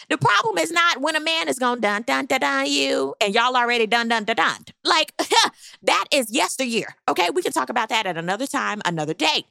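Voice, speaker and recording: A woman casually recapping a reality show with sassy, animated commentary and high squealing reactions. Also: creaky, no echo, clean studio sound.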